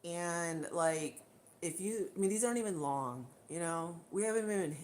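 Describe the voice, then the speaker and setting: A woman's voice: lowish voice, normal speed, darkish tone, slight background noise. A woman hosting a livestream and speaking straight to her camera in a blunt, indignant rant, often repeating her points. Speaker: livestream host. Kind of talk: casual live rant to camera. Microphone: camera mic.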